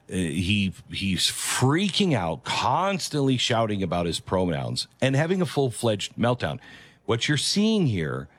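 A man's voice: on the low side, no room sound. Emphatic male commentary host. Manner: emphatic, moralizing, repeats key phrases. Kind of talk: opinion commentary over played clips.

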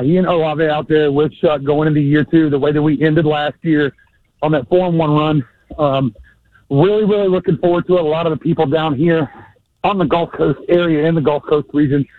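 A man's voice: a little high, dry recording. A young man from Mississippi, calling in out of breath from outdoors, hesitant and full of filler sounds. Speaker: caller. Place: outdoors on a golf course. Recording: tinny phone line.

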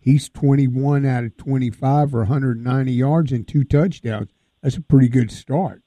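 A man's voice: medium pitch, moderate pace, no room sound. A man hosting a casual sports talk show, asking questions with frequent fillers. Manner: relaxed, flat delivery with frequent fillers. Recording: dry, phone-like line.

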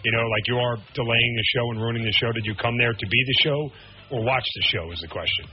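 A man's voice: mid-range voice, dull audio. A man co-hosting a radio show, joking and musing in casual banter. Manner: joking, chatty, drawn-out musings. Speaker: radio co-host.

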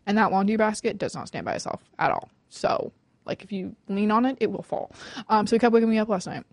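A woman of twenty hosting a student radio show in casual chat, talking fast and nervously with many fillers and restarts. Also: medium pitch, expressive, dry recording. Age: 20s.

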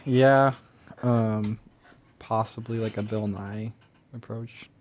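A young speaker in casual chat, hesitant and halting, with many fillers. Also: mid-range voice, steady tone, a little mellow, slight background noise. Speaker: mock trial attorney.

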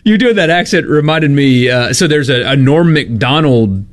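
Give me a lively male co-host who laughs a lot, from Mississippi. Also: mid-range voice. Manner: animated storyteller, laughs often, quick asides. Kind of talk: casual chat.

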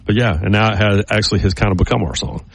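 A man's voice: on the low side, fast talker, gravelly, dry recording. A man co-hosting a casual chat, telling stories in a rambling way with many restarts.

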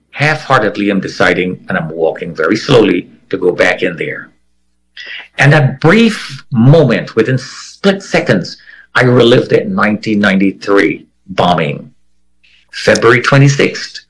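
A man with a low, somewhat husky voice tells his own story in an interview. His pitch rises and falls widely as he speaks. He slips into the voices of the people he quotes, bringing each scene to life. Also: low-quality recording. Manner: vivid, acts out quoted voices. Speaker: interviewee telling a personal story. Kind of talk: first-person storytelling.

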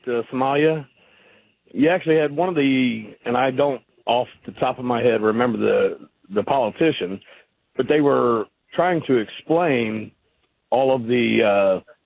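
A man's voice: medium pitch, vocal fry, dry recording. A man calling in to a radio show, arguing his point with hesitant fillers. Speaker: radio caller. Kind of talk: phone-in conversation. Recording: phone line.

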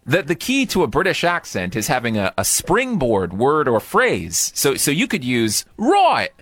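A man's voice: mid-range voice, wildly swooping pitch, a little slow, a bit bright, dry recording. A man hosting a radio show, teasing his guest and slipping into mock British slang. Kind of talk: playful on-air banter.

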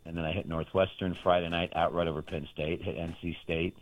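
A man's voice: sits low, level tone, fairly quick, dry recording. A man, a sports betting handicapper, telling a rambling, boastful story about his bets in casual chat on a show. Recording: dry, tinny phone line.

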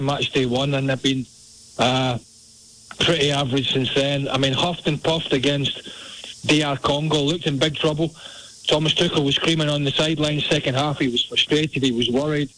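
A man's voice: a little high, fairly even intonation, normal speed, a bit bright, poor audio. A man, giving blunt, opinionated soccer analysis on a radio show.

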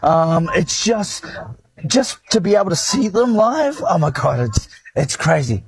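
A man's voice: high-pitched, big pitch swings, measured pace, slightly rough, poor audio. A man, a sports fan, speaking emotionally and stammering as he gushes in an interview clip.

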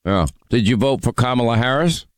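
A man's voice: medium pitch, brisk, clean tone, dry recording. A man hosting a call-in radio show, needling and mocking a caller in a brash, combative way. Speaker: radio talk show host. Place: radio studio.

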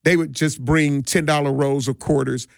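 A middle-aged man with a gravelly, slightly high voice tells stories about his work as a DJ. He talks in a relaxed, rambling way, restarting sentences and laughing often. The recording is close and dry. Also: moderate pace, dry recording. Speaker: DJ and community party organizer. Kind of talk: casual interview storytelling.

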